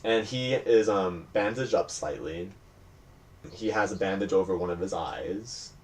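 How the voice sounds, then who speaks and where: A man narrating as game master of a tabletop horror game, telling the scene in a relaxed, rambling way. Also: low-pitched, unhurried. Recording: distant mic with faint hiss.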